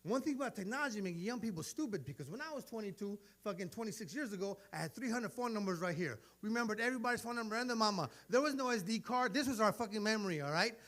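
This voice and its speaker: A man's voice: high voice, lively intonation, very fast, hardly any pauses, a bit bright. A man, telling stories in a brash, profane stand-up comedy set. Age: 40s. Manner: brash, profane storytelling with acted-out dialogue.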